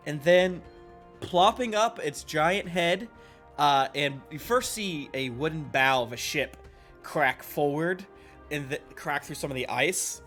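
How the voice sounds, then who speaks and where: A man narrating a tabletop game as game master, relaxed and descriptive with fillers. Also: on the high side, slow, soft background music.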